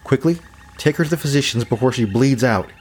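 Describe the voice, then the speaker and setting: A man's voice: medium pitch, brisk, darkish tone, a little hiss or hum, pitched above the performer's own voice, natural voice. A man putting on an urgent, imperious storybook queen. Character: commanding middle-aged woman queen, regal.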